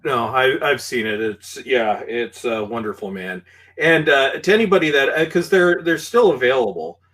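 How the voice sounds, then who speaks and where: A Canadian man with a Canadian accent and a mid-range voice, speaking as a podcast guest. He talks in an animated, halting way, leaning on fillers and restarting his sentences. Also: medium pitch. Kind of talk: casual film discussion.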